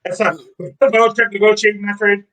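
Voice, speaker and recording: A man with a bright, forceful, slightly high voice co-hosts a sports talk show. He runs through trades and the schedule one item at a time. His delivery stays steady and matter-of-fact. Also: brisk, low-quality recording. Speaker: sports podcast co-host.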